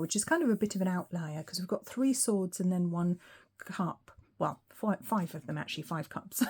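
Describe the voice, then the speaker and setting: A woman giving a tarot reading to her viewers, gentle and reassuring, chatting along with soft laughs. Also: medium pitch. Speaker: tarot reader. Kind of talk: solo tarot reading to camera.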